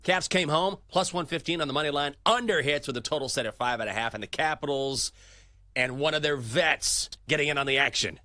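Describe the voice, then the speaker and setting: A man's voice: fairly high pitch, a little fast, pushed and bright, no room sound. A man hosting a sports betting talk show, swinging between hype and dry asides as he reads scores and odds.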